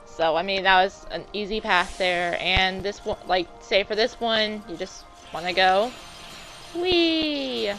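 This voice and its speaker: A woman's voice: medium pitch, fairly even intonation, normal speed, few pauses, a bit bright. A young woman giving casual, chatty let's-play commentary, self-deprecating and full of exclamations. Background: game music.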